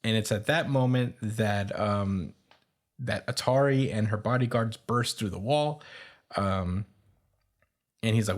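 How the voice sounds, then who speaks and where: A man's voice: fairly low pitch, slow pace, long pauses. A man hosting a podcast, casually recapping a comic's plot with many fillers, stumbles and chuckles. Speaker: podcast host.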